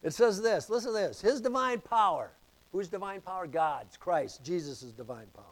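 A pastor preaching a sermon, reading scripture and repeating key phrases with emphasis. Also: male voice, high voice, expressive, normal speed, rough recording.

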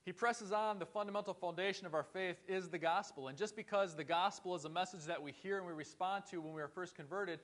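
Earnest preaching man, slightly high voice. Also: fast, hardly any pauses, a bit bright. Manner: earnest, conversational preaching with rhetorical questions. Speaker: pastor. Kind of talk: sermon.

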